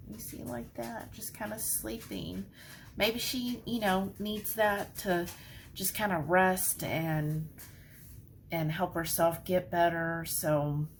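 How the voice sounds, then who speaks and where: Vlogger, woman, chatty and informal, mid pitch. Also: a little hiss or hum. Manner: chatty, lots of fillers, says y'all. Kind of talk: casual vlog chat.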